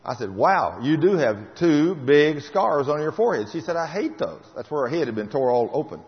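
A man's voice: a little high, big pitch swings, normal speed. Older man, preacher, fervent and emphatic, long hall reverb, dull muffled sound. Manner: fervent, emphatic, repeats key phrases. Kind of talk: testimony sermon.

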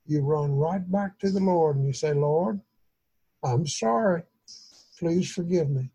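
A man's voice: a little high, dark tone, husky, rough recording. A man leading an informal Bible study, teaching in a folksy, rambling way. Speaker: pastor.

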